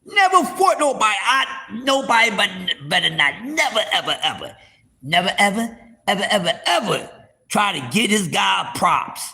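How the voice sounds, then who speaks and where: A man's voice: high voice, lively intonation, normal speed, vocal fry, pushed and bright. A man hosting a live stream, ranting heatedly about boxing to his viewers, profane and repeating words for emphasis. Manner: speaks straight to the viewers as y'all. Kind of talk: casual boxing rant to a live audience.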